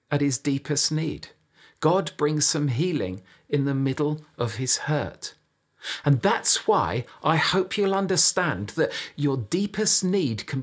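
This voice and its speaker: A man's voice: on the high side, husky. A man preaching a sermon in a conversational storytelling manner, speaking directly to his listeners.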